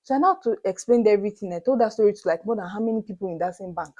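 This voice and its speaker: A young Nigerian woman vlogger retelling a story to her viewers in an animated, dramatic way, slipping into Pidgin asides. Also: medium pitch, rapid-fire, lo-fi sound. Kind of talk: storytelling to camera.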